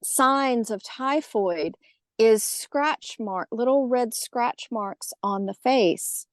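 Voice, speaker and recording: A middle-aged woman with a Southern American accent, a podcast guest telling a personal story in casual conversation, lively and acting out the voices she quotes. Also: fairly high pitch, extremely slow, no echo. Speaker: podcast guest, haunted tour organizer.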